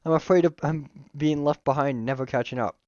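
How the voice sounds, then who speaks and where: A man's voice: fairly high pitch, fairly even intonation, fairly quick, darkish tone, no echo, natural voice. A sweet, jittery young woman from a dating game, voiced by a man reading aloud, fretful and a little dramatic. The lines sound dry and somewhat muffled, as if from a modest home mic. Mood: nervous. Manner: dramatic, anxious. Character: nervous sweet young woman cooking student.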